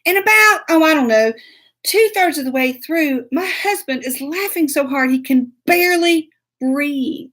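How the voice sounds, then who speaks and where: A middle-aged woman telling a comic story, animated and dramatic, acting out the scenes. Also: sits high, a little slow. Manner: animated, dramatic, acts out scenes with whispers and sound effects. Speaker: storyteller host.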